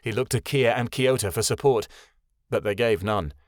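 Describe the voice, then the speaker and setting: A man reading a fantasy novel aloud as audiobook narrator, with a steady storytelling delivery. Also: medium pitch, moderate pace, dry recording, clean studio sound. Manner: steady storytelling, voices every character.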